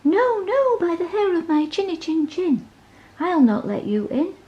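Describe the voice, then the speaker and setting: A woman voicing a small, stubborn young pig in a bedtime storybook, with a high, shrill, defiant voice. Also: very animated, measured pace, highs cut off, heavily acted.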